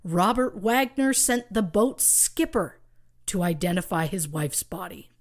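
A woman's voice: fairly low pitch, lively intonation, unhurried. A woman co-hosting a true crime podcast, telling the case with rhetorical questions and wry asides. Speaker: podcast co-host.

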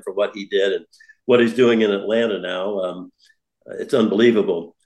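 A man's voice: on the low side, reverberant. An older man, a former baseball broadcaster, telling stories in a chat and laughing easily. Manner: warm storyteller who laughs easily. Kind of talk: storytelling in a podcast chat.

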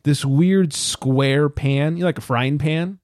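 A man's voice: a little high, takes it slowly, dry recording, studio quality. A man co-hosting a casual podcast, telling stories with lots of swearing and acting out other people's lines. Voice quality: swears freely, animated storytelling. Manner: acts out quotes in raised voices. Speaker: podcast co-host. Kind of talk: casual chat.

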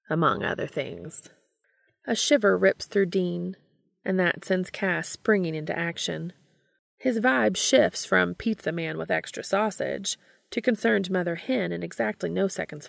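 A woman giving a steady, scripted narration of a romance story. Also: on the low side, gravelly, no echo, clean studio sound.

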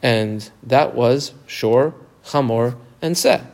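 Creaky-voiced man teaching a text. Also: medium pitch, slow pace, darkish tone. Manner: explains step by step with questions. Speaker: Talmud teacher. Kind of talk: text study lesson.

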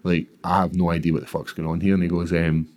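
A Scottish man in his thirties with a very low, deep voice. He is a professional fighter and talks about his life bluntly and plainly, with casual swearing, in a sit-down interview. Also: flat delivery, fast talker, darkish tone. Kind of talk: candid storytelling in conversation.

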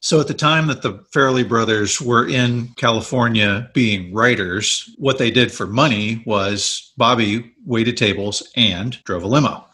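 A man co-hosting a podcast, telling behind-the-scenes film stories in an animated way. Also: medium pitch, measured pace, hardly any pauses, husky. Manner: animated storytelling, acting out quotes. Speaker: podcast co-host. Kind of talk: casual chat about films.

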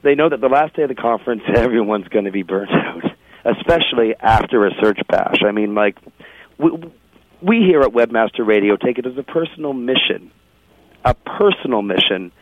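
A man's voice: medium pitch, no echo. Chatty male radio host on a tinny line. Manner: chatty, laughing, self-interrupting. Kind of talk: casual radio chat, storytelling. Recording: tinny phone-like radio audio.

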